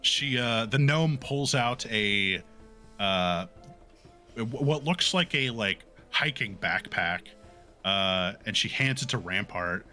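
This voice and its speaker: Male game master, sore voice, halting narration, lively pitch. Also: soft background music. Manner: halting, lots of fillers.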